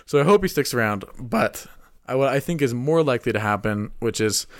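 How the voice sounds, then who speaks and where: A young man rambles through his theories with a playful, joking streak. His voice has a gravelly edge, and it sits dry and close to the mic with no room sound. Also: medium pitch, lively intonation, brisk, no echo. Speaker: podcast co-host. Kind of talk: casual chat.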